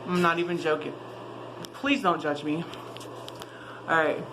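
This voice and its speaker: A woman's voice: low-pitched, measured pace, background noise. A woman vlogging casually to camera from her home, chatty, giggly and rambling. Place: at home, indoors.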